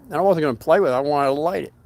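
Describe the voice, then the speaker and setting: A rambling, folksy older man hosts a casual storytelling livestream. His voice sits a touch higher than most men's. He drifts between his tale and greeting viewers by name as their comments come in. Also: very fast, creaky, a little mellow.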